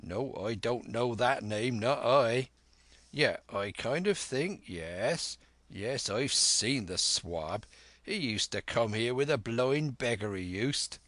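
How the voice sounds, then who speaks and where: A man's voice: medium pitch, lively intonation, takes it slowly, a bit bright, dry recording. A man voicing a cunning one-legged old sea cook who blusters in salty sailor slang. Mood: blustering. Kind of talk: audiobook character reading.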